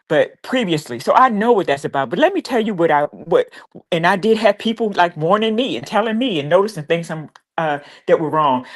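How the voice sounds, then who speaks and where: A woman in casual live-stream chat, talking in an emotional, emphatic way. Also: low voice.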